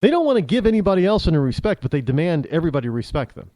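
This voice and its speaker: Animated American man hosting talk radio. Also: a little high, very fast, no room sound. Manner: rambling, with many restarts and asides. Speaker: radio talk show host. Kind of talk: opinionated talk radio monologue. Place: New England.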